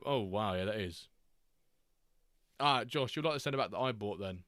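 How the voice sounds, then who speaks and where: A man hosting a live game stream, chatting casually, greeting viewers and reacting excitedly to player stats. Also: fairly low pitch, no room sound, studio quality. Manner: chatty, reacts to chat readers by name, quick excited asides. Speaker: streamer host.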